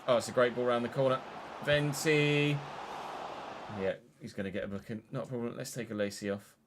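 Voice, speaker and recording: A young man streaming live, chatting through his football game and breaking into excited shouts between muttered asides. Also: medium pitch, a little fast, noisy background. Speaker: gaming streamer.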